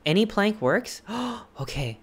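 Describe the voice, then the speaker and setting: Excitable streamer with a wildly swinging pitch. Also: takes it slowly, slightly rough. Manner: excitable, gasping and exclaiming at discoveries; thinks aloud with hesitant questions and restarts. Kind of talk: casual live gameplay stream, chatting with viewers.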